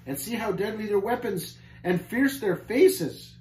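A man's voice: high voice, a little slow, a little mellow, pitched above the performer's own voice. Storybook pilgrim lad, voiced by a man, raised and fretful in a roomy hall. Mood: worried. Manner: worried, questioning. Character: anxious young male pilgrim. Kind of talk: storybook reading aloud.

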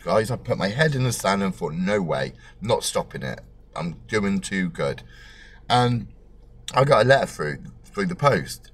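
Casting: bloke, thirties, very low voice, blunt and sweary, plays out the dialogue himself. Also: male voice. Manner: animated, acts out dialogue with big pitch jumps. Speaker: storyteller. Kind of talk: personal storytelling to camera.

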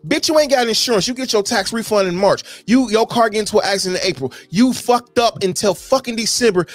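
A man, ranting loudly with lots of profanity on a casual podcast. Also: sits high, quick pace, few pauses, no echo. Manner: loud, profane, animated ranting. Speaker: podcast co-host. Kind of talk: heated casual rant.

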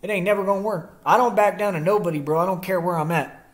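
A man's voice: sits high, quick pace. A young man in a confrontational rant to the camera, defiant and combative, using slangy street talk and rhetorical questions. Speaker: vlogger.

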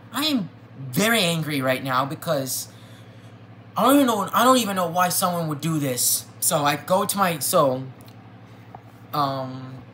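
An upset young vlogger rants to viewers and keeps circling back to the same complaint. The voice swings from low and mumbled to sudden high outbursts. Pitch sits mid-range, with a faint hiss of room noise behind it. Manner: agitated, repeats itself, voice jumps high and loud when upset. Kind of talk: ranting to camera.

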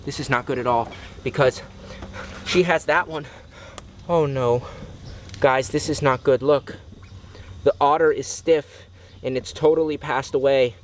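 A man's voice: medium pitch, steady tone, a little slow, pauses often. Male zoo vlogger, mid-range voice, sad and earnest to camera, outdoors with light background noise. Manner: saddened, addresses viewers as guys. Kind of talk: outdoor animal vlog. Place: outdoor animal enclosure.

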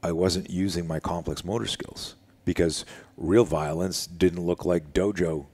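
A man's voice: low-pitched, a little slow. A middle-aged man, a self-defense instructor, telling a story in a casual conversation and acting out the voices of the people in it. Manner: animated storyteller, acts out quoted voices. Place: living room.

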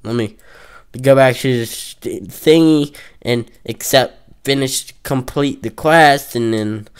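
Trash-talking and goofing off while gaming, a young man comments casually and sometimes sings off-key. His voice is medium-pitched, slow, and smooth.

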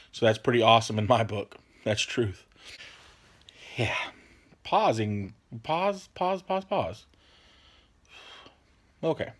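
A relaxed man with a drawl hosts a casual question-and-answer vlog. He rambles and trails off, keeps saying "man," and apologizes a lot. His voice sits in an ordinary middle register. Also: mid-range voice. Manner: laid-back, rambling, apologetic, peppers talk with "man". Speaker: channel host answering viewer questions.

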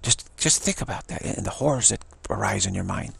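A man's voice: lowish voice, expressive, fairly quick, creaky, fairly bright tone, husky. A man giving an informal spiritual talk in a rambling, playful way, often repeating himself. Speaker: spiritual teacher.

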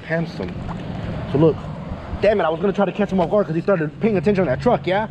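A man's voice: sits high, quick pace, highs cut off, background noise. A man working as a dog trainer, explaining a session to an owner outdoors near parked cars. He talks a lot, keeps checking in with "yeah?" and "okay?", and swears casually. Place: outdoors by a parking area with cars.

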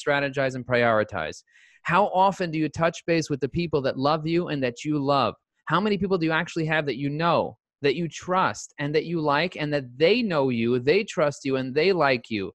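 A man talking as a podcast guest in an animated, motivational way, full of catchy rhymes. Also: a little high, no echo. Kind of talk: energetic interview talk.

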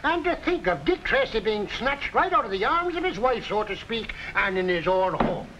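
A man's voice: high voice, sing-song, normal speed, pushed and bright, slight background noise, exaggerated voice. A man playing an indignant, sympathetic police officer in a 1940s radio drama, on a dull old recording.

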